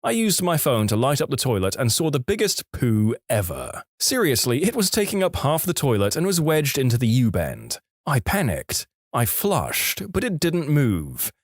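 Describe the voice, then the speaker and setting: A man reading a story aloud as narrator, in a lively, expressive way. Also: mid-range voice, normal speed, no echo, studio quality.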